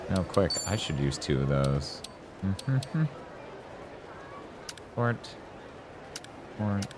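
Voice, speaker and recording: A man's voice: low-pitched, background noise. A man streaming a video game, rambling casually, swearing and joking as he plays. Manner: rambling, swears freely, jokes with chat. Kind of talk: casual gameplay commentary. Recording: voice over loud game music.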